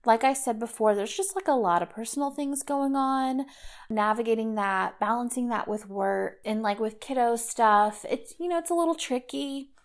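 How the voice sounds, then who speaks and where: A woman in her thirties hosts a solo podcast in a loose, chatty way. She talks through her thoughts reflectively and scatters "like" and "kind of" through her sentences. Her voice sits a little on the high side. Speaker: podcast host. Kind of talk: casual solo podcast chat.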